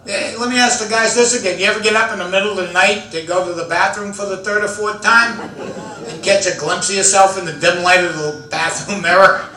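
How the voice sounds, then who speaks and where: An older man, an after-dinner speaker telling stand-up style comic stories, building to excited shouted punchlines. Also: sits high, fairly quick. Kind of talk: stand-up storytelling. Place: large event hall with an audience. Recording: echoey hall, mic at a distance, audience laughter.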